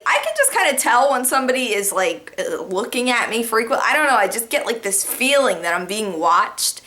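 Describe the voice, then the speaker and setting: A young woman telling funny workplace stories straight to the camera in a casual vlog, animated and quick to laugh, with lots of "like" fillers. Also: medium pitch.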